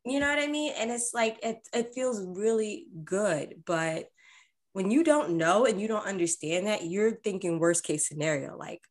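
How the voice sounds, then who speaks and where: A woman's voice: mid-range voice, animated, normal speed. A woman in casual chat, telling a story animatedly and acting out quoted voices.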